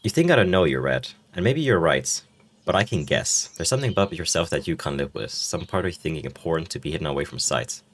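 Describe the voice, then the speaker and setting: A man's voice: a bass voice, lively intonation, fast talker. Man reading teasing skull-faced girl. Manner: teasing, blunt, swears casually. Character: faceless skeletal young woman, teasing, forward.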